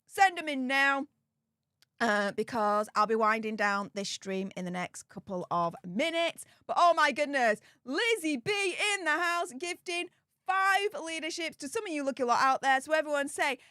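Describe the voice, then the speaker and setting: A woman's voice: high voice, expressive, moderate pace, sharp tone, dry recording, studio quality. A woman hosting a live stream, reading out super chats and thanking viewers over and over in a bubbly way. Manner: bubbly, repeats thanks many times.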